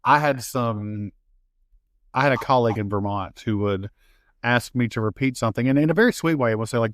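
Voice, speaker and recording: A man with an Appalachian accent, a guest author in a casual interview, telling lively stories, laughing often and acting out the voices he quotes. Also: medium pitch, a little fast, dry recording, studio quality. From Appalachian United States.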